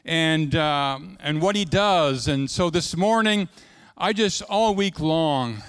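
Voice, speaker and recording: Male pastor, middle-aged, sermon, high smooth voice, slow folksy delivery, dry close sound. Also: dry recording. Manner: folksy and conversational, repeats words, engages the congregation.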